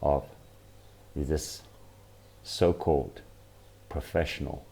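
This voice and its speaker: A man's voice: very deep voice, steady tone, slow pace, vocal fry, warm tone, a little hiss or hum. A man hosting a channel, giving rambling, exasperated casual commentary. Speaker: channel host.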